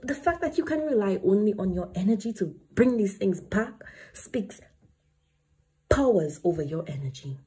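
Female tarot reader, deeply husky and mellow, emphatic and preachy, curses freely. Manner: emphatic, preachy, swears casually. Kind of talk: spiritual tarot reading.

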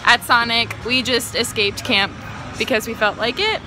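A woman's voice: on the high side, moderate pace. A young woman hosting a casual camp vlog on a handheld phone, chatty and upbeat as she prompts friends to talk. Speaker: camp staff vlogger. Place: summer camp grounds, outdoors and in a kitchen. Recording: crowd chatter and music behind.

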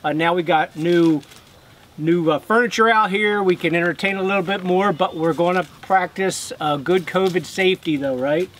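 A middle-aged man with a rather high voice talks casually at home, rambling and cracking jokes as he opens fan mail. His speech is full of fillers and restarts. A faint hiss sits under the recording. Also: moderate pace, a bit bright. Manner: chatty, joking, rambling with fillers. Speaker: host reading fan mail. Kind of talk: casual chat.

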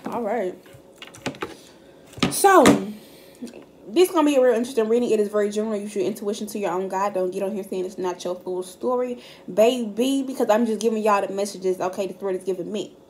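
A woman's voice: medium pitch, normal speed, pauses often, a little mellow, slight background noise. A woman giving a casual tarot reading straight to camera. She is blunt and profane and talks directly to her viewers. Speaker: tarot card reader. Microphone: camera mic.

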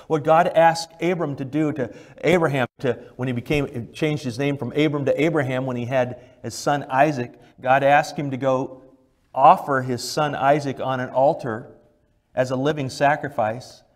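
At a church service, a male pastor preaches, alternating between loud, emphatic lines and quiet, low ones. He also poses direct questions to the congregation.

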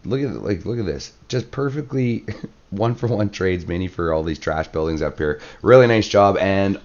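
Deep hoarse man calling gameplay. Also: normal speed, highs cut off. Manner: relaxed play-by-play with fillers and throat clearing. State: losing his voice, hoarse. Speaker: clan war commentator. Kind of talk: gameplay commentary.

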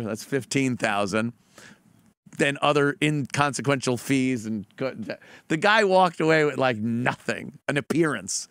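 A man's voice: on the high side, gravelly, a bit bright, clean tone, dry recording, clean studio sound. A man hosting a podcast, mocking played clips with sarcastic, profane commentary and put-on impressions. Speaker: podcast host.

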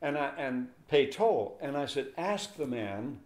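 An older man, a pastor, tells a story during an interview, animatedly acting out the voices of the people in it. His voice sits in the mid range and moves at a measured pace. The room is echoey.

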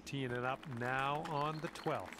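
A man voicing a calm TV golf announcer. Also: mid-range voice, noisy background, lightly acted. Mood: steady. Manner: measured, even broadcast delivery. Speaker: in-game golf commentator. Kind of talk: scripted sports commentary.

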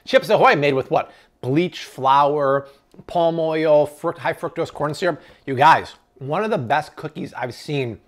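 A man's voice: on the high side, measured pace. A man in an enthusiastic grocery haul review, exclaiming and tasting products on camera. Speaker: food vlogger.

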